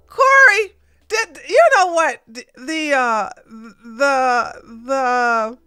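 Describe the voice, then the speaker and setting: Blunt, ranting woman host with a crisp voice. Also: on the high side, pushed and bright. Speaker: podcast host. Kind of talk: casual livestream political commentary.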